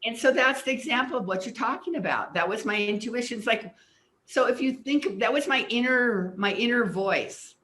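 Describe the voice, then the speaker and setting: A guest on an interview show, this older woman teaches personal development and speaks in a high-leaning, pushed, bright voice at normal speed. She earnestly explains her ideas and relates personal stories, sometimes repeating words as she recalls. The audio carries a roomy echo.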